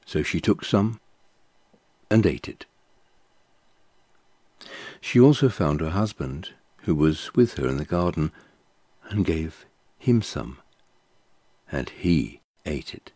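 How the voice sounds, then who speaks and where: A man reads a Bible passage in a measured, unhurried way. His voice sits very low and sounds dark and mellow, with a slow pace. The sound is dry and close. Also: lively intonation, breathy edge, no echo. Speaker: scripture reader. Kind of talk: scripted Bible reading.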